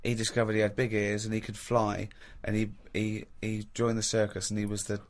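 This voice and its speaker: A middle-aged man chats loosely as a podcast host, teasing his companions and hesitating with fillers. His speech often tips into high, hooting laughter. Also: monotone, brisk. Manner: mocking, breaks into high laughter. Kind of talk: casual chat.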